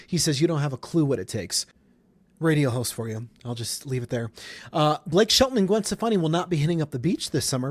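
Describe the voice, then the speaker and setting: A man's voice: medium pitch, no room sound. A man hosting a podcast, chatting casually through celebrity news with wry asides and little chuckles. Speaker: podcast host. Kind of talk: casual pop culture podcast monologue. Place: Colorado studio.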